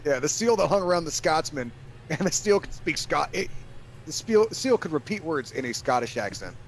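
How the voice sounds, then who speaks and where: A man chatting on a casual livestream, deadpan and fond of offbeat facts. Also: a little high, moderate pace, slight background noise. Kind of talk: casual chat.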